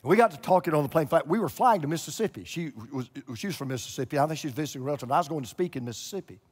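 A pastor preaching a televised sermon, swinging between hushed and loud emphatic lines. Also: male voice, fairly high pitch, expressive, racing, husky, long reverb tail. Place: large church room.

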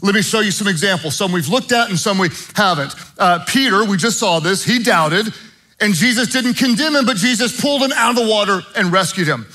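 A man preaching a sermon as pastor, earnest, moving between hushed prayer and animated storytelling. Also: high voice, brisk, soft background music, rough recording.

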